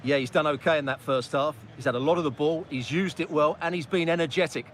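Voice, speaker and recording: Male co-commentator for a football game: brisk, slightly raised voice, calm agreeing analysis. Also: a little high. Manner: measured, agreeable replies that start with "yeah".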